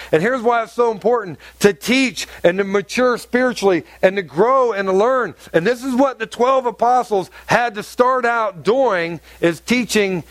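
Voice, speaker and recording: Male pastor, high voice, animated conversational sermon, dry close recording. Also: no echo. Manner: conversational, animated preaching with acted-out quotes.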